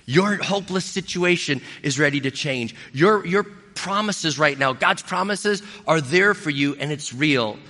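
Earnest pastor preaching in a reverberant hall. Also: male voice, fairly high pitch, expressive, unhurried, few pauses, sharp tone. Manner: earnest, pleading, repeats key phrases. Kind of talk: sermon.

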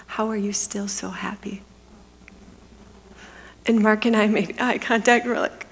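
A middle-aged woman giving a testimony as a sermon, telling her story earnestly and dropping into a hushed whisper for the quiet moments. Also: mid-range voice, fairly even intonation, measured pace, long pauses. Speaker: women's ministry speaker. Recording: long hall reverb.

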